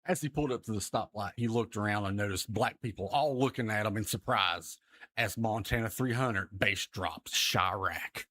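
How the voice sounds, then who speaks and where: A man's voice: lowish voice, normal speed, sharp tone. A man improvising a rambling comic story, narrating in a mock-dramatic way and often breaking into giggles.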